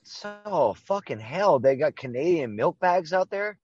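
A man hosting a podcast, bantering casually with profane jokes in quick bursts. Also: a little high, big pitch swings, darkish tone, slightly rough, no echo, muffled recording, soft background music. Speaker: podcast host.

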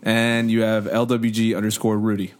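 A man's voice: fairly low pitch, flat delivery, normal speed. A young man co-hosting a podcast, joking and teasing in casual chat and retelling a comedy bit with impressions. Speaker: podcast co-host.

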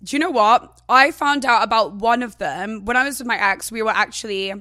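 Bright, chatty woman. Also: a little high, a little fast, dry recording. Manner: chatty, filler-heavy, laughs often. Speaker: guest. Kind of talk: casual candid chat.

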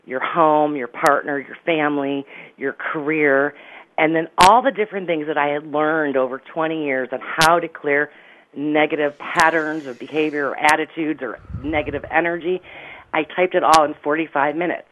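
A middle-aged woman tells a personal story in an animated, dramatic way. She often breaks into laughter. The sound comes through a dull, lo-fi radio recording. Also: low-pitched, moderate pace, a little hiss or hum. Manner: lively, dramatic retelling with laughs. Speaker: psychic medium guest.

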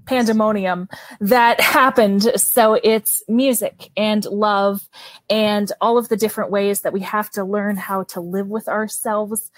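Gushing Canadian woman, crisp and dry. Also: medium pitch, steady tone, measured pace, no room sound. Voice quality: gushing, enthusiastic. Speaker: guest author. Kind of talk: casual interview.

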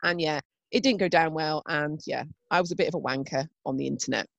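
A woman's voice: sits low, quick pace, vocal fry. A woman co-hosting a podcast in casual chat, joking, swearing and laughing often. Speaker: podcast co-host.

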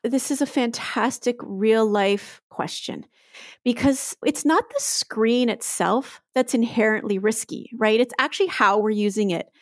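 A woman's voice: a little high, measured pace, no room sound, studio quality. A woman, explaining earnestly in a podcast interview, often tagging lines with "right?". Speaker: guest expert.

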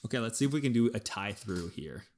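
Man, podcast co-host, casual sports analysis, animated, thinks aloud. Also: lowish voice, fast talker, a little hiss or hum.

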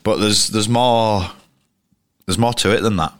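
A man's voice: fairly low pitch, steady tone, a little slow, no echo, clean studio sound. A man in his thirties, a cricketer guest telling anecdotes in a rambling, casual way full of restarts. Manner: rambling, frequent restarts and fillers. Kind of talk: casual storytelling interview.

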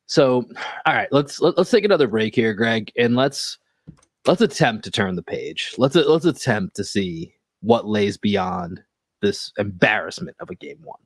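A man co-hosting a sports podcast, talking in casual chat and reeling off stats and results in a measured way. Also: lowish voice, animated, no echo. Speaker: podcast co-host.

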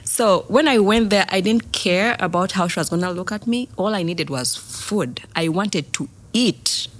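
A woman's voice: medium pitch, unhurried. A middle-aged woman, telling a personal childhood story as a guest, emotional and laughing between lines. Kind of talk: personal testimony in a podcast interview.

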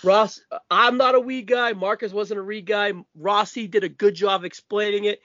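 High-voiced Massachusetts man hosting. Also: steady tone, fairly bright tone, dry recording. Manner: brash, profane, quick asides. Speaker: podcast host. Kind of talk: casual wrestling podcast chat. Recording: dull dry lo-fi audio.

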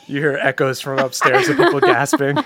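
A game master narrating a tabletop role-playing game in a lively, rambling way. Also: medium pitch, dry recording.

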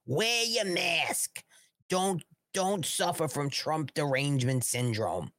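A man voicing a preachy older male health official who urges masks, in a slow, soft, mocking delivery. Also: on the high side, expressive, dry recording, studio quality.

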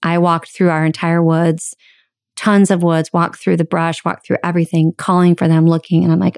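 A woman's voice: lowish voice, little pitch movement, normal speed, vocal fry, a little mellow, smooth, dry recording, studio quality. A woman podcast host telling a personal story in a chatty way, with many "like" fillers. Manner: chatty, frequent "like" fillers, dramatic retelling.

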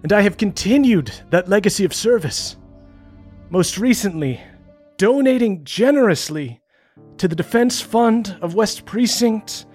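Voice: mid-range voice, expressive, measured pace, a little mellow, husky, faint music behind, pitched above the performer's own voice. A game master voicing a pompous aristocratic male politician who makes grandiose speeches.

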